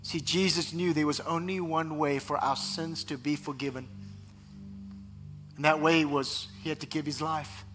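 A man pastor preaching a sermon, animated, sometimes mimicking other voices. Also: on the high side, normal speed, faint music behind.

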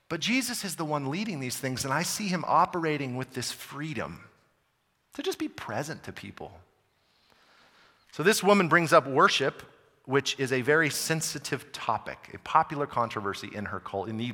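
Bright-voiced preacher in a reverberant church hall. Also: male voice, a little high. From United States. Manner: emphatic, conversational preaching with wide swings in loudness. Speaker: pastor. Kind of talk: sermon.

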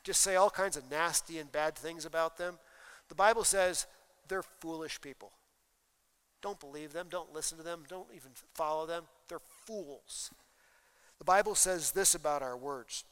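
Man, pastor preaching, emphatic, rises to loud peaks, bright tense tone. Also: on the high side, moderate pace, smooth. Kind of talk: sermon. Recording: long reverb of a hall.

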